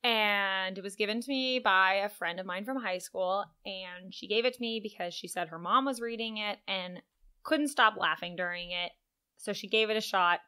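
A woman's voice: medium pitch, pushed and bright, clean tone. A woman co-hosting a book podcast, laying out background facts in an orderly, friendly chat. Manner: presents researched facts in an orderly way. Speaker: podcast co-host. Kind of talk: casual chat.

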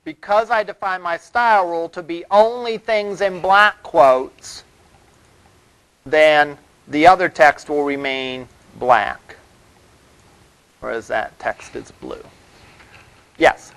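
Chatty college lecturer, fairly high voice. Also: male voice, slow, pauses often, a bit bright, low-quality recording. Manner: loose and conversational, many fillers and "all right?" check-ins. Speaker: college web development instructor. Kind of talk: classroom lecture. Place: classroom.

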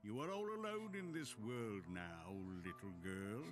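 A menacing game villain, drawls his words slowly and lets his voice rise and fall with relish. His gloating delivery leaves chuckles hanging in the air. Loud music plays behind him in the game audio. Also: lowish voice, wildly swooping pitch. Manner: slow, gloating, with creepy laughter. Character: sinister adult male lodger, gloating and menacing.

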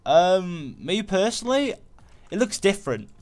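A man giving casual, rambling commentary while playing a video game, full of fillers and excited outbursts. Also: high-pitched, unhurried. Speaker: gaming channel host. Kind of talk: casual let's-play commentary.

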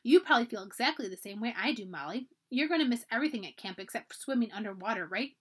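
A woman's voice: a little high, expressive, fast, slightly rough. A woman voicing a cheerful, talkative young girl at summer camp while reading a storybook aloud. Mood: chatty. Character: chatty young girl camper.

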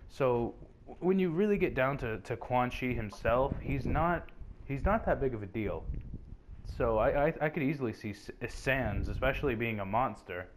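A man's voice: medium pitch, moderate pace, slight background noise. A young man co-hosting a casual fan debate, rambling and stammering as he gets going. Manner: rambling, restarts and stammers when excited. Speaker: co-host.

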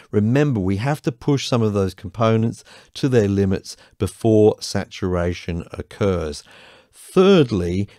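Deep-voiced man patiently teaching audio production. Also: mellow, no room sound, studio quality. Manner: patient, reassuring, explains step by step with frequent "okay?". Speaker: music production tutor. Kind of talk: tutorial explanation.

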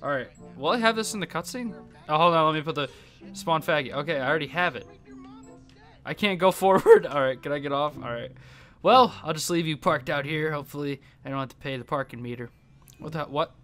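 A young man commentating his own game play, excitable and quick to laugh, yelping when surprised. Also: on the high side, faint music behind. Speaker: gaming YouTuber.

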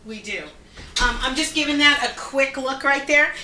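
A woman hosts a live cooking show from her kitchen, chatting easily as she walks through each step. Her voice is bright and a touch high. The room is echoey, with pots and dishes clinking behind her. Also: moderate pace, a little hiss or hum. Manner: chatty, explains steps while cooking. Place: home kitchen.

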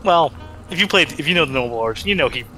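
A man's voice: on the high side, expressive, racing, music in the background, rough recording. A man rambling casually as co-commentator on a game stream, often restarting his sentences. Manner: rambling, self-correcting. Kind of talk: casual let's-play chat.

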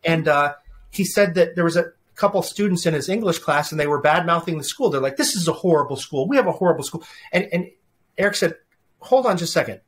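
A middle-aged man being interviewed as a leadership speaker, telling animated family anecdotes with frequent restarts. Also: a little high, fast. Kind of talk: conversational interview storytelling.

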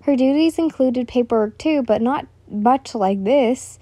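Brief: woman reading fan fiction aloud, casual, mellow voice, dry close sound. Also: sits high, measured pace, no room sound. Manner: casual, corrects her own slips aloud.

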